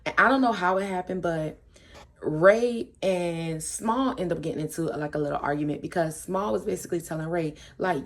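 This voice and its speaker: A young woman telling a casual storytime, animated and full of slang, acting out what her friends said. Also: on the low side, a little fast.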